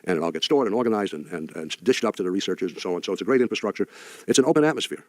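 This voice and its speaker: An older man tells wry stories to an audience, stumbling and restarting as he goes. His voice sits low and moves quickly. The sound is dry and close. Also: animated, a little mellow, dry recording. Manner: halting, wry storytelling with many restarts. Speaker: speaker addressing an audience. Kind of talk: anecdotal talk.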